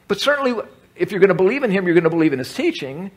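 A man's voice: sits high, big pitch swings, quick pace. A man leading a Bible study class for a large group, talking through scripture in a conversational way, repeating words and asking the room questions. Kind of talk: teaching talk to a group.

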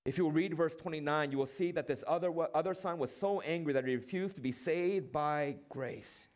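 Preaching in a high voice, a pastor leans on rhetorical questions and well-timed pauses. He also plays out quoted lines in short bursts.

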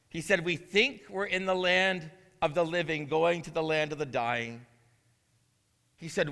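Man, sermon, bright forceful tone, earnest, rising to emphatic proclamation, church hall reverb. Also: a little high. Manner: earnest, conversational asides building to emphatic proclamation. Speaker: interim pastor. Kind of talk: sermon with scripture reading. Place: church sanctuary.

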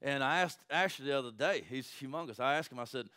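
Here a pastor with a medium-pitched voice talks at a quick pace with few pauses. His sermon is animated and chatty, peppered with asides of "right?" aimed at the crowd.

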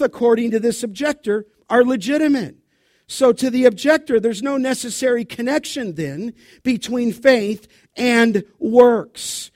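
A man's voice: very high-pitched, a little mellow, dry recording, clean studio sound. A man preaching an expository sermon from the pulpit as pastor, intense and emphatic, speaking straight to his congregation. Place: church sanctuary.

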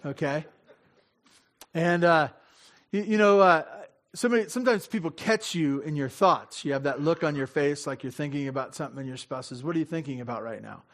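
Speaking at normal speed in a slightly high voice, a pastor preaches in a conversational way. He interrupts himself, laughs frequently, acts out short dialogues and directly questions the people listening.

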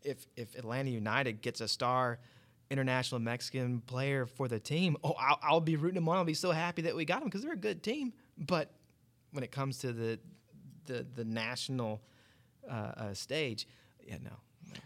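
A man's voice: mid-range voice, normal speed, a bit bright. A man in casual talk-show chat, often stammering and restarting, with a joking edge.

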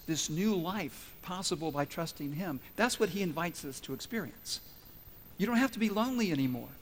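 A man's voice: high-pitched, long reverb tail, a little hiss or hum. A pastor preaching a sermon to his church, who asks the congregation questions and answers them himself.

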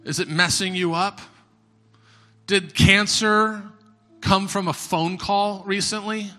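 Pastor guy preaching, really high sharp voice, goes from quiet to shouting, echoey church with music under it. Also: steady tone, slow pace, long pauses. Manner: impassioned, swings from hushed to shouting. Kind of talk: sermon. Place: church sanctuary. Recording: reverberant hall with music behind.

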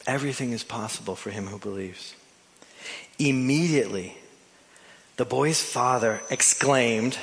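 A pastor preaching a sermon, animated, shifting between loud emphasis and soft drawn-out phrases, with playful asides to his congregation. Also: medium pitch. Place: church sanctuary. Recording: long hall reverb from a church.

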